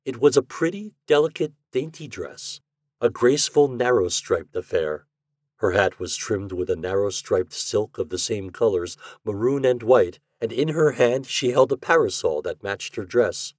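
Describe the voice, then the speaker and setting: A man reads classic fiction aloud in a low, husky voice with a lively, expressive pitch. His delivery is measured and close, with a dry, unreverberant sound. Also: dry recording. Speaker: podcast host and reader.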